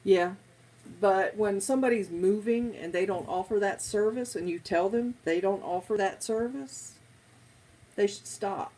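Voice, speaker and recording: A woman's voice: mid-range voice, a little slow, warm tone, poor audio. A middle-aged woman, chatting casually with viewers on a stream, rambling from one topic to the next. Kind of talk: casual live chat.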